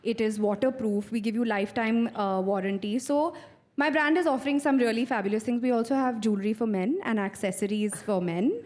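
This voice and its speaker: A woman's voice: fairly high pitch, fairly quick, a little mellow. A woman with an Indian English accent, a guest in a live on-stage interview, chatting with many fillers in front of an audience. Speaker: actress and guest.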